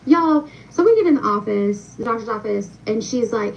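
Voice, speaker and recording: A woman's voice: on the high side, expressive, normal speed, gravelly. A young woman casually telling a personal story to her viewers, chatty and full of fillers, talking straight to them. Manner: chatty, many fillers, addresses viewers directly. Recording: distant, muffled with faint noise.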